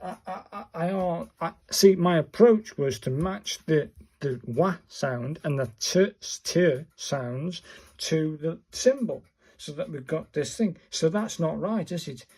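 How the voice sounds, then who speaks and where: Middle-aged man vlogging, slow and mellow, a bit husky, exasperated chatty delivery. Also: a little high. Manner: chatty, exasperated, talks to viewers while searching cards. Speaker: vlogger learning calligraphy. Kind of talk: casual self-recorded tutorial.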